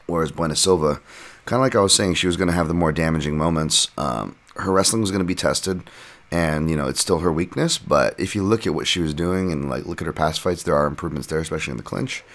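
Deep gravelly guy doing a solo podcast breakdown, rambly, lots of asides. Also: fast, a bit bright. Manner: rambling and self-deprecating, full of asides. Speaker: podcast host and fight analyst.

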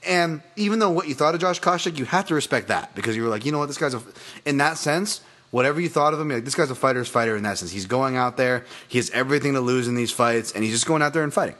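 A man hosting a podcast in casual sports chat, rambling, excitable and profane. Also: mid-range voice, fast talker. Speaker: podcast host.

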